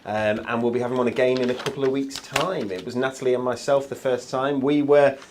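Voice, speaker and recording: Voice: mid-range voice, steady tone, brisk, a little mellow, slight background noise. A co-host on a live craft shopping show, teasing and friendly in manner.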